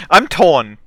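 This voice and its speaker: A man's voice: fairly high pitch, pushed and bright, no room sound. A man chatting casually while recording a fan game dub, hesitant and stammering, with some swearing. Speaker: fan voice actor.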